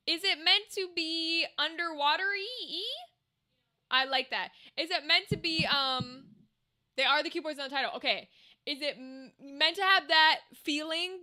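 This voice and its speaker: A woman's voice: sits high, bright, forceful tone. A woman livestreaming, chatting loosely with her viewers and reading their messages, rambling and swearing casually. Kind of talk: casual chat with chat.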